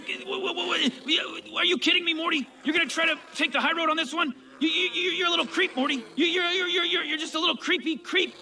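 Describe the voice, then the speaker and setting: A man's voice: very high voice, pushed and bright, slight background noise, exaggerated voice. A man voicing an arrogant old male scientist in a cartoon who rambles and stammers. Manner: brash and dismissive. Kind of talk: cartoon voice acting.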